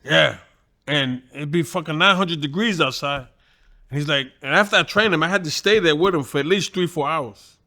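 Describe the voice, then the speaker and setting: A man's voice: fairly high pitch, normal speed. A middle-aged man, a boxing trainer, telling stories in a loose, profane way and acting out the other people's voices. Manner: profane, animated, acts out quoted voices. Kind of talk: casual storytelling.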